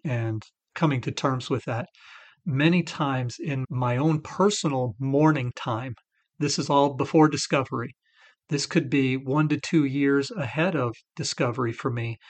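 Earnest middle-aged man sharing testimony. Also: medium pitch. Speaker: recovery podcast co-host. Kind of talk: faith-based recovery talk.

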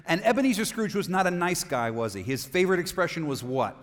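A man preaches in an animated, question-filled style, his voice sitting a touch high for a man. He reads passages aloud with a dramatic flair. A long reverb from the church hall trails each phrase. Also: fast talker. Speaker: pastor. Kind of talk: sermon. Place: church auditorium.

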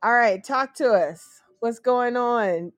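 A woman co-hosting a casual talk show, chatty and quick to laugh. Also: a little high, no room sound, faint music behind. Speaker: co-host.

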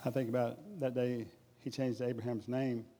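A man's voice: medium pitch, flat delivery, normal speed, warm tone. Male preacher, folksy, jokey, addressing the congregation, long church reverb. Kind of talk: humorous sermon.

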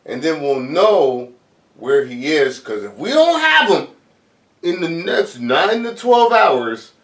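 A man chats about a film with a lively, rising and falling voice pitched a bit high. He drops in frequent quick agreements. The sound is echoey and distant from the mic. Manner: agreeable, lots of quick backchannel replies. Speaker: podcast co-host discussing a movie. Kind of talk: casual chat.

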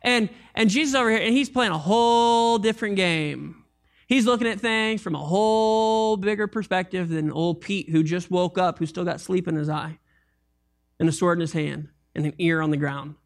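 A man preaching a sermon as pastor, animated and conversational, with jokes and asides to the congregation. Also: sits high, normal speed.

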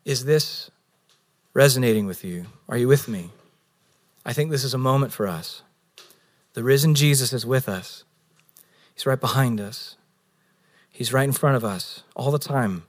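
A pastor preaching a Sunday sermon, earnest, rising for emphasis and dropping low and slow on key words. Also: male voice. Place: San Diego.

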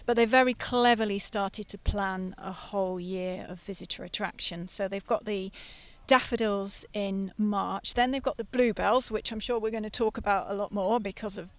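A woman's voice: mid-range voice, steady tone, normal speed, hardly any pauses, dry recording. Woman, author guest, enthusiastic, explanatory, casual chat.

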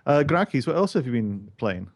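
A man's voice: medium pitch, big pitch swings, moderate pace, creaky, dry recording. A man from Scotland hosting a casual gaming chat, hesitant with many ums, asking the others what they played. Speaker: podcast host.

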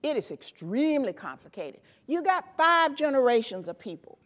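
A woman in her fifties from Tennessee giving an animated, emphatic motivational keynote speech from a conference stage, hammering home punchy repeated phrases. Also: sits high, moderate pace. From Tennessee, USA. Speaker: keynote speaker. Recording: echoey hall with long reverb.

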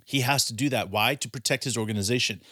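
A man's voice: medium pitch, fast talker, pushed and bright, slightly rough, no room sound, studio quality. A man co-hosting a casual sports talk show, arguing his point with rambling sentences and rhetorical questions. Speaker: podcast co-host.

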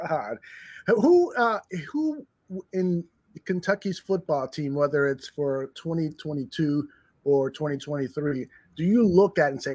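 Man, sports show host, higher voice, earnest and animated, dry close sound. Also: a little slow, no room sound. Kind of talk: casual sports talk show.

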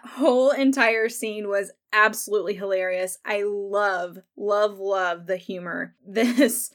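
A woman's voice: medium pitch, fairly even intonation, unhurried, hardly any pauses, fairly bright tone. A woman hosting a podcast on her own, chatting casually through an episode recap, laughing often and acting out the characters' lines. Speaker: podcast host.

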